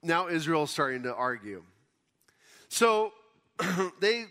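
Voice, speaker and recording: A pastor preaching a conversational sermon, explaining scripture casually in everyday words. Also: male voice, fairly high pitch, big pitch swings, takes it slowly, long pauses, bright, forceful tone. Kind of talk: conversational Bible teaching sermon.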